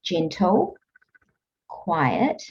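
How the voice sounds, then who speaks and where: A woman coach telling stories in an interview, earnest and animated. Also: on the low side, very slow, slight background noise. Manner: earnest, animated storytelling with frequent laughs. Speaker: guest, emotional eating coach. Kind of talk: conversational interview. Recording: dull lo-fi audio.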